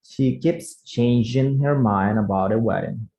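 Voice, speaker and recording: A man teaching an English grammar lesson online, unhurried and checking in with students with frequent "yeah?" tags, in second-language English. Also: mid-range voice, warm tone, low-quality recording.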